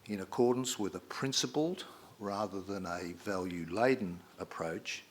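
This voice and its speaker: A middle-aged man, delivering a measured, formal prepared speech at a debate. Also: deep voice. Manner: measured, reads quotations aloud with emphasis. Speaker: debate speaker.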